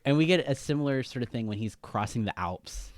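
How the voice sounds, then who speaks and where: A podcast co-host chats casually about movies, rambling with fillers and acting out quotes along the way. His voice is medium-pitched, expressive, and fairly quick.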